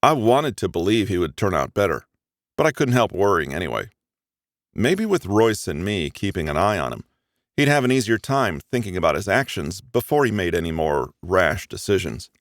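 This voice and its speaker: A man narrating a first-person romance audiobook in an expressive, even storytelling manner. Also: low voice, moderate pace, no room sound, clean studio sound.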